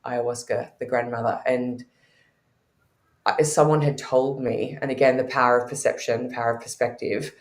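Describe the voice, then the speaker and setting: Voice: mid-range voice, steady tone, moderate pace. Candid guest telling stories, roomy sound. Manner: candid, storytelling, frequent laughter. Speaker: guest, intuitive teacher. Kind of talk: podcast conversation.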